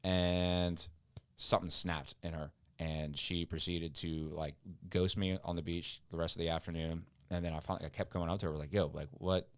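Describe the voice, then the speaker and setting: Um homem jovem, convidado de podcast, contando uma história comprida e cheia de recomeços num papo descontraído. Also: male voice, low-pitched, little pitch movement, normal speed, clear, resonant tone, dry recording. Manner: rambling storyteller acting out quotes. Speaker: podcast guest. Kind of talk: casual podcast chat.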